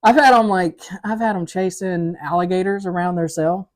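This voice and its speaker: A woman's voice: on the low side, normal speed. A woman officer telling a story in casual chat, acting out the people in it and laughing through the punchlines. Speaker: corrections officer and co-host.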